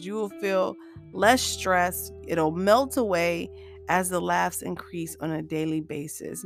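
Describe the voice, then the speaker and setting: On her own motivational podcast, a woman speaks in a voice on the low side, upbeat and talkative. She frequently laughs while calling her listeners "you guys."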